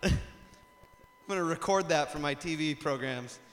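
A man preaching a sermon in a lively storytelling way, rising to loud emphatic passages. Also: a little high, normal speed, a little hiss or hum. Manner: animated storytelling, acts out shouts and laughs. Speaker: pastor. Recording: long hall reverb.

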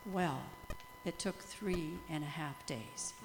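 A woman's voice: low-pitched, slow. An older woman speaking as a missionary to a church gathering, telling stories with laughter and frequent praise. Her voice carries through a roomy hall with a long reverb. A faint hum sits underneath. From USA or Canada. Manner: animated, laughing storyteller, praising God often. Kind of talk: testimony talk to a church group.

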